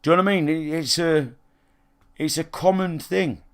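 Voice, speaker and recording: A man's voice: a little high, moderate pace, fairly bright tone, smooth. A man with a British accent, a gaming live streamer chatting casually with his viewers, rambling and swearing, often checking if they follow him. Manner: rambling and sweary, often asks "do you know what I mean".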